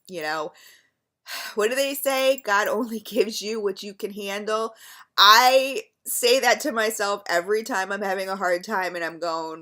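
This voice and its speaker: A woman's voice: medium pitch, expressive, measured pace. Chatty, rambling woman vlogger. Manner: chatty, rambling, warmly gushing with frequent fillers. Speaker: beauty vlogger. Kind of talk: casual rambling vlog.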